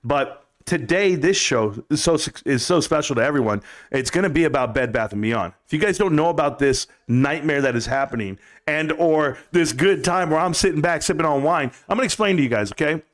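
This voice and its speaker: A man hosting a live stream, talking loudly and energetically as he addresses his viewers and callers. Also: on the high side, lively intonation, a little fast. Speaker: livestream host. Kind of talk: live-stream market talk.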